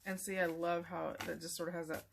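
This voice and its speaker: A woman's voice: lowish voice, flat delivery, a little fast, vocal fry, background noise. A woman hosting a craft tutorial, chatting casually and meanderingly to viewers as she works, a little sleepy and yawning. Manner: chatty and meandering, talking to viewers while working.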